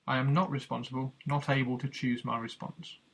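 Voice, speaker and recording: Gravelly man narrating earnestly. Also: mid-range voice, flat delivery, poor audio. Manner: measured, earnest, teacherly. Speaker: author narrating his book. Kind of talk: audiobook narration.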